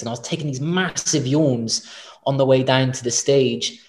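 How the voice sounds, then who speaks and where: A man in mid-range pitch, spinning a long personal anecdote as a podcast guest. He rambles, swears freely and keeps restarting his sentences. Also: fairly even intonation, normal speed. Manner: rambling, frequent swearing and self-corrections. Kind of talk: casual personal storytelling.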